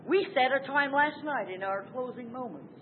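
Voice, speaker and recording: A woman preaching a sermon, emphatic, swinging from loud exclamations to hushed asides. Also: sits high, lively intonation, normal speed. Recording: tinny phone-like sound with faint noise.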